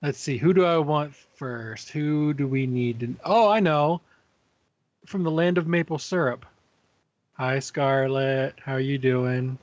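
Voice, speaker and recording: A man's voice: medium pitch, slow pace, dry recording. A man hosting a podcast in casual gaming chat, making dry, offhand quips. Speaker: podcast host. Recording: dry, slightly muffled mic.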